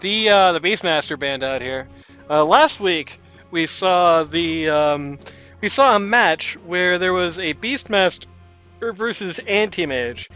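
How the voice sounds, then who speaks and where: A man casts a game match with a high, bright, forceful voice, joking and rambling along with his co-caster. Faint music plays under the commentary. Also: expressive, slow, clean tone, poor audio. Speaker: esports caster.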